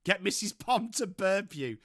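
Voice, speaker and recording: English male stream host, bright forceful voice, dry close sound, chatty and sweary. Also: fairly high pitch, no echo. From England. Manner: chatty, sweary, reads out and answers chat. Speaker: livestream host. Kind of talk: casual live-stream chat.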